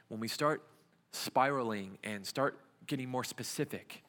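A man's voice: mid-range voice, normal speed, a bit bright. A young adult man, a youth pastor, preaching a conversational sermon full of rhetorical questions in a church. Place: church sanctuary. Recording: church hall reverb.

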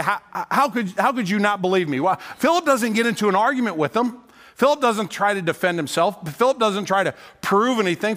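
A pastor preaches a sermon to his congregation conversationally, frequently asking "right?" and repeating words as he speaks. His voice is high-pitched and a bit bright.

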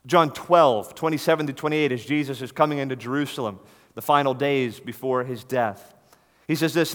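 A man's voice: mid-range voice, moderate pace. A man preaching a sermon in an earnest, emphatic way, stressing key words. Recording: long reverb of a large hall.

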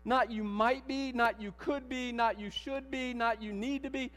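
Man, pastor, sermon, animated, rhetorical questions, high voice, long hall reverb, faint mains hum. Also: normal speed, few pauses, faint music behind. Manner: animated, rhetorical questions, rising to emphatic declarations. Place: church sanctuary.

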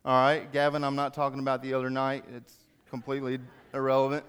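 A man preaching to a church, telling an everyday story with animated bits where he acts out yelling crowds. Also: medium pitch, quick pace, clean tone. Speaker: speaker in a church service. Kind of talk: sermon with storytelling.

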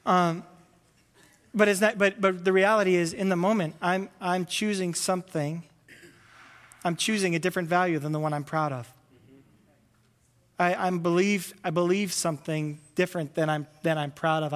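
A man preaching a sermon as a pastor, animated and acting out comic voices, a father of several kids. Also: sits high, normal speed, big-room sound. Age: adult with children. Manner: animated, acts out voices with loud comic bursts.

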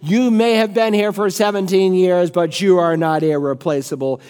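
A man's voice: sits high, fairly even intonation, moderate pace, a little mellow, smooth, in a large hall, close to an everyday voice. A man voicing a proud, hot-tempered male company boss who barks indignant orders. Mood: barking. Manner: barking, indignant.

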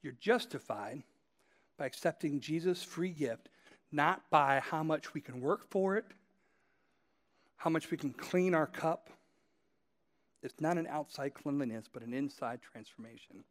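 A man with a fairly high voice preaches a sermon. He tells his points as a story, speaking straight to the people listening and repeating key phrases to drive them home. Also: animated, measured pace, pauses often. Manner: conversational storytelling, addressing listeners directly. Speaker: pastor.

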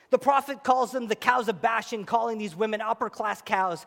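A pastor preaching a sermon in a church, animated and acting out the voices of scripture. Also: male voice, very high voice, normal speed, creaky, few pauses. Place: church auditorium. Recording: echoey hall.

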